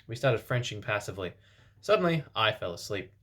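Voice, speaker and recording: A man reading fan fiction aloud for comedy, deadpan, with sarcastic asides. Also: on the low side, brisk.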